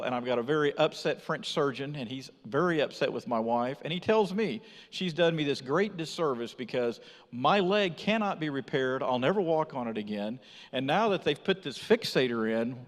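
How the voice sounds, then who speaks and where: A man from Texas giving his missionary testimony in church, telling the story with energy and acting out what people said. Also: medium pitch. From Texas, USA. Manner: animated storyteller acting out dialogue. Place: church sanctuary. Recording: reverberant church hall.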